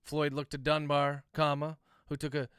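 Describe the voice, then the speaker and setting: A man, an author, dictating a novel aloud on a livestream, speaking each punctuation mark, with relaxed, chatty asides to his viewers. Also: fairly high pitch, moderate pace, clean tone, no room sound, clean studio sound.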